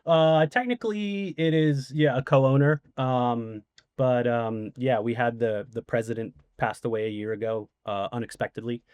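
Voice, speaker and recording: A man's voice: mid-range voice, fairly even intonation, moderate pace, darkish tone, clean tone, dry recording. A man in his forties, a guest in a casual interview, telling rambling anecdotes full of fillers. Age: 40s.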